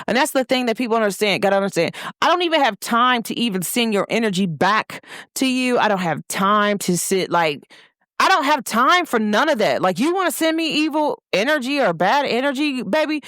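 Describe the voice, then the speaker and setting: Lively, emphatic young woman host. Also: a little high, no room sound, clean studio sound. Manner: emphatic, talks straight to listeners. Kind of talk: casual motivational monologue.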